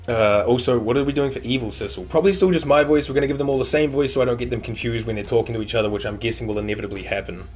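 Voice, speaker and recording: A gaming streamer offers loose, casual let's-play commentary, talking fast in a mid-range voice. He's chatty and swears now and then, with faint music playing behind him.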